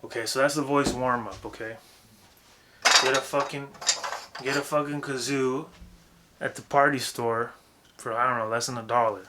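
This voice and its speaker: A young man giving a casual, profane, rambling lesson on vocal technique, breaking into loud demonstrations. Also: mid-range voice, steady tone, normal speed, pauses often, heavy background noise. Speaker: vocal coach.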